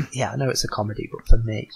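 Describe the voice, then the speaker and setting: A man guest on a podcast, talking casually about designing a board game, halting with many ums and restarts. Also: medium pitch, animated, gravelly, breathy edge, rough recording.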